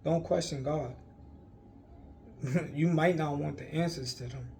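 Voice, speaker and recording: A man's voice: a little high, fairly even intonation, a little slow, creaky, a little mellow, a little hiss or hum. A man talking earnestly to his viewers about faith, pleading and repeating himself, with frequent laughs. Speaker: faith vlogger. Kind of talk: casual spiritual encouragement to camera.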